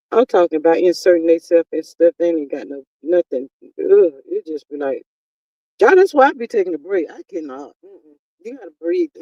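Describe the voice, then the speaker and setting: A woman's voice: lowish voice, dark tone, dry recording, recorded from a distance, highs cut off. A woman, chatting casually and exasperatedly as a live-stream commentary host. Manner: exasperated, talkative, drawn-out exclamations.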